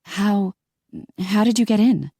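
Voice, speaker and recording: A woman's voice: on the low side, animated, normal speed, mellow, dry recording, studio quality, voice pushed up, close to an everyday voice. Woman voicing a panicked young woman dentist. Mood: frightened. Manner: frantic, breathless outbursts. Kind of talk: audiobook character voice.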